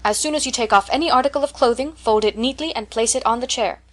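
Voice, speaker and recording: A woman's voice: fairly high pitch, normal speed, close to an everyday voice. A woman reading an audiobook and voicing a strict, stiff elderly spinster who scolds a child. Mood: scolding.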